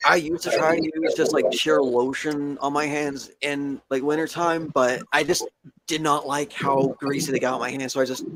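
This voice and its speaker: A soft-spoken man chatting casually in podcast banter. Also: fairly high pitch, fairly even intonation, moderate pace, a loud crowd, rough recording.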